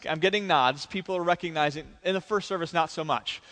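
A man preaches to a church congregation, his voice riding high as he tells the story with animated energy. Each phrase rings out and trails off in the long reverb of a large sanctuary. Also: fairly quick. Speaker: pastor. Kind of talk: sermon.

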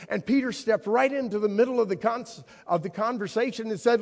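A man delivers a sermon in a church, acting out each scene with dramatic storytelling. His voice sits high and swings widely up and down. The sound carries a long hall reverb. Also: animated, a little fast, hardly any pauses. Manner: dramatic storytelling, voicing the figures he quotes. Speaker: preacher.

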